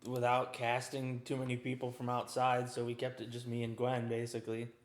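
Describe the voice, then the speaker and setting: Low-key man in a roomy echo. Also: completely flat delivery, brisk. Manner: low-key, dry humor. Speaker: co-host. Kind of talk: casual live-stream chat.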